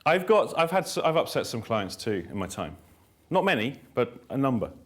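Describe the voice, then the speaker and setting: A male therapist and trainer speaking to a workshop room with blunt emphasis. He drives points home by repeating them and tells stories with a wry, self-mocking edge. His pitch sits in a middling male range. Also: big pitch swings, moderate pace. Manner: wry storytelling with dry self-mockery. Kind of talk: live workshop lecture to trainees.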